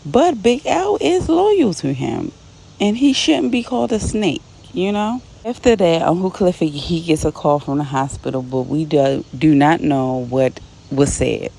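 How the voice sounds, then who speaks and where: A woman with a low, gravelly voice talks through a TV episode scene by scene. Her tone is dark and mellow, and she drops in quick quoted lines and offhand side comments as she goes. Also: lively intonation. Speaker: TV episode recap host. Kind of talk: casual episode recap.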